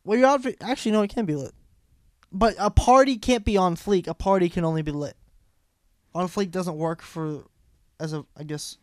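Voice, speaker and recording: A man's voice: high voice, moderate pace, darkish tone, no room sound, clean studio sound. A young man chatting casually in a laid-back way, with plenty of "like" fillers. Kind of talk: casual chat.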